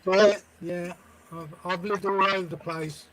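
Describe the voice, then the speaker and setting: Guy on a call, stop-start talk, voice on the higher side, crowd noise behind him. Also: steady tone, rough recording. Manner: halting, repeats himself. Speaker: guest on a video-chat livestream. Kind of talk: casual chat. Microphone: video call, mic level trouble.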